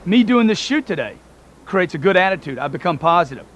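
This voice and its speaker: A man giving a motivational talk to camera, energetic, acting out everyday dialogues to make his point. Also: high voice, fairly quick. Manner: energetic, acts out sample dialogues. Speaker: motivational speaker.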